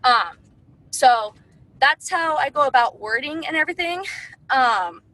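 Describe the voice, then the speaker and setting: Sharing sales tips in a casual, chatty way, this direct sales distributor fills her talk with "like" and "um." Her high, bright voice is expressive and forceful yet unhurried, recorded at low quality with no room sound.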